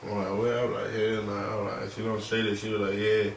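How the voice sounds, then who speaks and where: A young man in a podcast interview, telling a personal story in a halting, slangy, subdued way. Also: lowish voice, completely flat delivery, distant mic. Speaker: podcast guest. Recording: roomy, off-mic, faint background noise.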